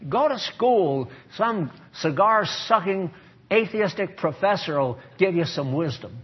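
Older male pastor, husky, unhurried sermon delivery, lo-fi church recording. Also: sits high, lively intonation. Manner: folksy, emphatic, shifts into mock voices and prayer.

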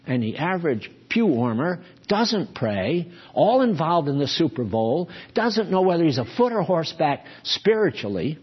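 A man preaching a sermon, emphatic, moving between hushed warnings and forceful exhortation. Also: on the high side, big pitch swings, normal speed, few pauses, husky. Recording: dull lo-fi recording.

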